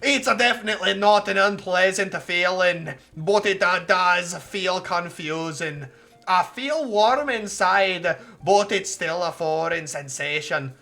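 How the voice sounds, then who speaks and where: A streamer voicing a young male game hero in a rough old sea-captain voice with a put-on Scottish-tinged pirate accent, reading slowly and loudly. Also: mid-range voice, faint music behind, pitched above the performer's own voice. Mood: dramatic. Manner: loud, slow, dramatic storybook reading.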